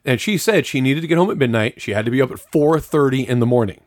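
A man's voice: medium pitch, quick pace, dry recording, clean studio sound. A man co-hosting a podcast, telling a long story in casual chat. He swears freely and acts out what people said. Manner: profane, animated storyteller acting out quotes.

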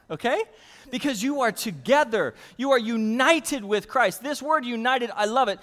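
Male pastor, high voice, lively and playful, mid-sermon, calls for responses. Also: moderate pace, long reverb tail.

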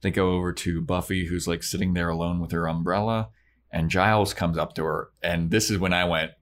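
A man's voice: sits low, level tone, fairly quick, a little hiss or hum. A man co-hosting a podcast, casually recapping a TV episode and acting out the characters' lines as he retells it. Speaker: podcast co-host. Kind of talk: casual chat, recapping a show.

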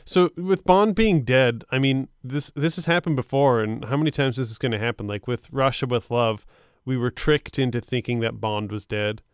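A man's voice: medium pitch, clean tone, no room sound, clean studio sound. A man co-hosting a casual film review podcast, easygoing and chatty. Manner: easygoing, quick to agree and laugh along. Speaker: podcast co-host.

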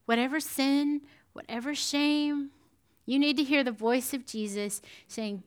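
A woman giving a sermon in a conversational, animated storytelling manner, often checking in with the listeners. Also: sits high, a little slow, clear, resonant tone. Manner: animated storytelling with frequent "right?" asides. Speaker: preacher.

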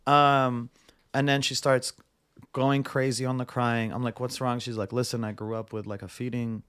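A young man chats as a guest on a podcast in a mid-pitched voice. He spins a long, rambling story and acts out each exchange with "I'm like" and "she's like". His talk is loose and casual, full of "like". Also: level tone, moderate pace, a bit bright, clean tone.

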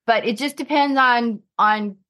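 A woman's voice: a little high, measured pace, a bit bright. Woman, guest, chatty, casual interview talk, jumps in often. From United States. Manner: chatty, finishes others' sentences.

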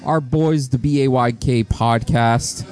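A man's voice: mid-range voice, steady tone, a little slow, darkish tone, soft background music. A man co-hosting a podcast, reading out promos in casual, profane, teasing banter. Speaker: podcast co-host.

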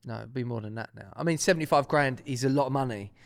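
A man's voice: mid-range voice, quick pace, creaky, no echo, clean studio sound. A young man co-hosting a podcast in casual chat, laid-back and joking, with plenty of slang. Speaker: podcast co-host.

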